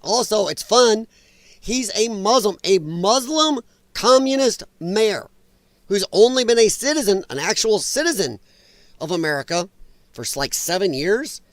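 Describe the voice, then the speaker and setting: High-voiced man hosting a sarcastic livestream. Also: animated, a little slow, no echo. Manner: sarcastic, chatty, laughs often. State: voice a little strained. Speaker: livestream host. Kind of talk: casual political commentary livestream. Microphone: own microphone.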